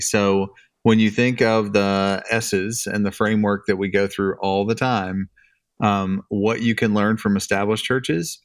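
A middle-aged co-host of a church leadership podcast speaks in a fairly low, clean-toned voice during a casual discussion. He is thoughtful and sometimes gropes for words, and the recording is dry.

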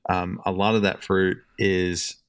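Thoughtful and searching for his words, a middle-aged man co-hosts a relaxed podcast chat on church leadership. He speaks a little slowly in a low voice with little pitch movement, clear and resonant, on a dry recording.

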